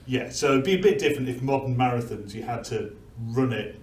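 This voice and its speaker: A man's voice: mid-range voice, fairly quick. Man teaching history, roomy distant sound. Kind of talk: casual classroom chat.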